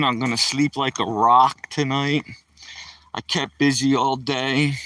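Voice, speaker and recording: An older retired man with a Philadelphia accent walks his dog outside at night, casually chatting with live stream viewers and greeting them with a playful "yo, yo, yo." His voice is medium-pitched and fairly bright, captured dry and from a distance.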